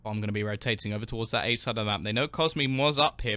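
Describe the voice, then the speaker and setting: A man calling a live esports match play by play, quick and building excitement as the action lands. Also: fairly low pitch, background noise. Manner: rapid, rising excitement on kills. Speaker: esports caster. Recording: game gunfire audible behind. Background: in-game gunshots.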